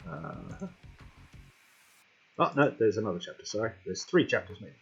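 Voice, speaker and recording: A man's voice: on the low side, expressive, moderate pace, creaky, breathy edge. A man hosting a gaming channel, chatting casually as he plays, talking to himself and the game. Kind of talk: casual let's-play commentary. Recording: slightly dull lo-fi home mic with faint music.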